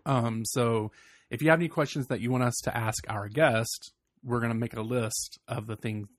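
A man from Virginia co-hosting a podcast, giggly and gossipy, slipping into high mocking voices. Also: fairly even intonation, normal speed, no room sound, studio quality. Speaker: podcast co-host. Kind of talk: casual podcast chat.

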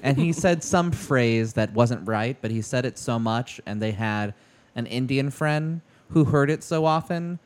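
A man co-hosts a relaxed chat show. He teases his friends and keeps pushing them to tell more. His delivery is loose and conversational. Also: mid-range voice, measured pace. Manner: teasing, prompting questions. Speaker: co-host. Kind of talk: casual podcast chat.

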